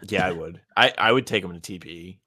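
A man's voice: deep voice, quick pace, bright, forceful tone, dry recording, studio quality. A man co-hosting a casual basketball podcast, talking in a loose, rambling, wry way. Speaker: sports writer and podcast co-host.

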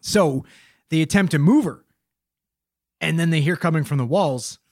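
Guy telling a creepy story on a podcast, swears a ton, slightly higher voice, dry mic. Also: moderate pace, dry recording. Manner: swears constantly, loose joking delivery. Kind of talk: casual profane storytelling.

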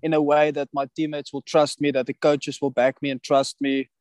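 A man answers questions on a podcast, his voice sitting a little high. He talks haltingly, stopping and restarting his sentences. The sound is dry and close, with no room echo. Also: monotone, darkish tone. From South Africa. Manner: hesitant, many ums and restarts, laughs easily. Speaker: rugby player guest. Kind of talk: casual podcast interview.

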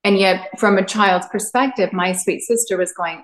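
A woman's voice: medium pitch, normal speed, hardly any pauses, echoey room, low-quality recording. A woman relationship coach, a podcast guest, telling personal stories in an open, heartfelt way. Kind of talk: candid interview talk.

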